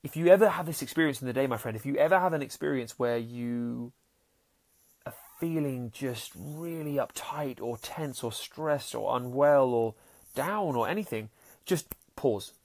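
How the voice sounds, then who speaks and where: At a moderate pace and medium pitch, with a slightly mellow sound, this man hosts a podcast as a happiness coach. His earnest, casual monologue features frequent word repetition and voices acted out in stories.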